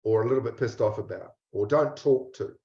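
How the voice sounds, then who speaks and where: A man's voice: fairly low pitch, vocal fry, dark tone. Male coach guiding a reflection, intimate and blunt, roomy room tone. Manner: slow, repetitive, intimate, blunt at times. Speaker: mindset coach. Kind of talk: guided reflection talk. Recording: roomy dull lo-fi recording.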